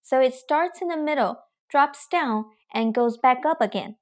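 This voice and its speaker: A woman teaching tones in a patient, clear lesson style. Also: sits high, lively intonation, moderate pace. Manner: patient, drills tones with long sung vowels. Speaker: Mandarin teacher. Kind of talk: clear, slow pronunciation lesson.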